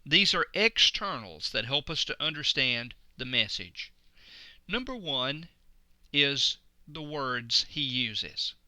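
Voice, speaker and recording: A man giving a recorded course lecture, slow and deliberate, stressing key words. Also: medium pitch, big pitch swings, bright, forceful tone, smooth, no echo. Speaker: instructor.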